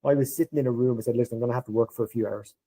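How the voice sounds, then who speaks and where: Dark-voiced Irish man telling a story. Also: medium pitch, rapid-fire, slightly rough, poor audio. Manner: animated storyteller acting out quoted dialogue. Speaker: podcast guest. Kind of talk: anecdotal interview storytelling.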